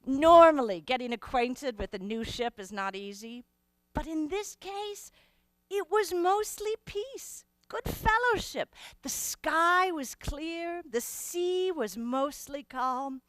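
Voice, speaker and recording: A woman recounting memories in character, unhurried and deliberate, her fairly high voice rising and falling with feeling. The sound is dry and close. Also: dry recording. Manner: slow, deliberate, expressive storytelling. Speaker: performer in character. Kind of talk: first-person historical monologue.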